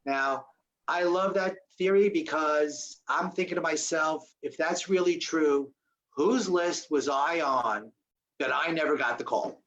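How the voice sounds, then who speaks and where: An older man in his sixties tells his story as a guest on a video call, lively and funny, slipping into the voices of the people he quotes. His voice sits a bit high for a man. The call audio is dull and lo-fi. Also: a little slow. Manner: animated storyteller who acts out quoted voices with humor. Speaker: guest speaker. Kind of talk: storytelling talk with Q&A.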